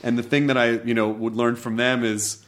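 A male voice actor shares his experiences in a relaxed interview. His voice sits at a middle pitch, and he often starts over mid-sentence and swears offhandedly. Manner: halting, with restarts and casual swearing. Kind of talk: conversational interview.

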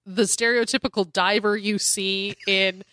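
A woman co-hosting a casual comic-book chat, sarcastic and profane, acting out characters in quick asides. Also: medium pitch, fairly even intonation, fairly bright tone, clear, resonant tone, no room sound, studio quality. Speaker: podcast co-host.

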